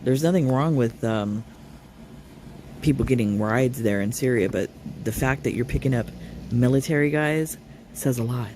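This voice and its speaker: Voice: medium pitch, moderate pace, darkish tone, a little hiss or hum. A streamer reacting to a clip with sarcastic, scolding commentary.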